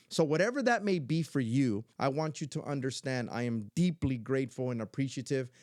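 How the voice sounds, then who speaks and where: A man's voice: medium pitch, brisk, few pauses, a little mellow, no echo, clean studio sound. A middle-aged man, a grandfather and YouTuber, talking earnestly and from the heart in a casual vlog, repeating himself for emphasis.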